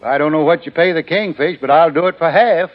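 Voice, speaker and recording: A man's voice: on the high side, a little fast, dull audio. A man hosting 1940s radio comedy banter, folksy and drawling, who chuckles at his own jokes. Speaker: host.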